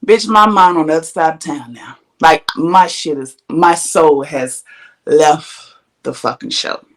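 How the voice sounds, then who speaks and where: Animated, profane woman podcast host. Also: sits low, unhurried. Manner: animated, profane, laughs often. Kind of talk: casual storytelling.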